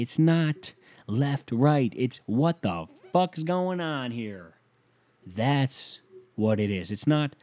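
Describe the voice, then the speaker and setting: A young man hosts a solo podcast from his bedroom, leaning on the mic as he rants and rambles with lots of swearing. His medium-pitched voice is animated yet slow, dark in tone, and he sounds profane and exasperated on a dry recording.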